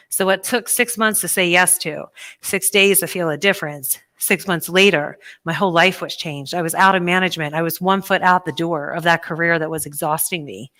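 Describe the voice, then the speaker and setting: A woman speaking at a conference, giving a motivational talk and telling her story with acted-out voices. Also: fairly low pitch. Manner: animated storytelling, acts out voices. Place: conference hall.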